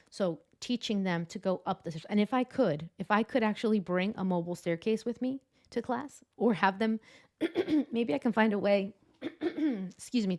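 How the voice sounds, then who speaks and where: A woman, an adjunct professor of public speaking, explaining vocal tips on a video call in an enthusiastic, animated way. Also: medium pitch. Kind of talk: casual interview chat.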